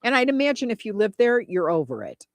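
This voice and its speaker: A radio co-host chiming in with quick guesses and blunt opinions in casual banter. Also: medium pitch, big pitch swings, no room sound.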